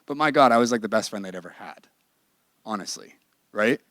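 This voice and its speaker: A man's voice: on the low side, lively intonation, fairly quick, a bit bright, no room sound, studio quality. A man teaching a ministry class in a candid, emphatic, conversational sermon style. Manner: emphatic and candid, with bursts of laughter.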